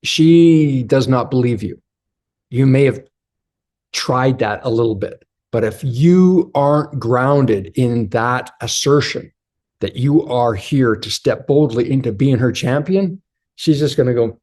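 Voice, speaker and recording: A man's voice: mid-range voice, lively intonation, measured pace, a little mellow. A man giving a blunt, direct motivational coaching talk to other men about relationships, speaking straight to his listeners as brothers.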